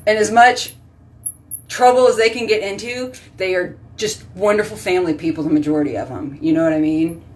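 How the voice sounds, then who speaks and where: A woman's voice: fairly low pitch, brisk, far from the mic, slight background noise. A woman hosting a casual live stream, chatting with viewers by name and rambling from topic to topic. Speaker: host reading live chat.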